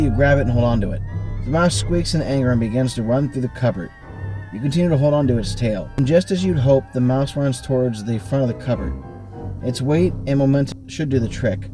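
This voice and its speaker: Man, game host, reads a choose-your-own-adventure aloud, mid-range voice, lively jumps in pace and pitch, faint music. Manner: animated reading, bursts of speed and pitch jumps. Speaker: game host reading the book. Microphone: online voice call.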